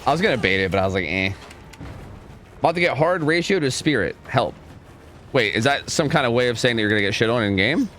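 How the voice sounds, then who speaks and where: A man's voice: medium pitch, animated, fast, fairly bright tone, soft background music. A young man streaming a game, chatting casually, rambling with lots of filler words and swearing when frustrated. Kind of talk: casual live gameplay commentary. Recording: clear background noise under the voice.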